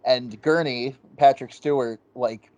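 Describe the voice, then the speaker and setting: A man co-hosting a casual movie review chat, talking excitedly and swearing often. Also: mid-range voice, unhurried. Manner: excited, profane, quotes scenes in goofy voices. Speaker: podcast co-host.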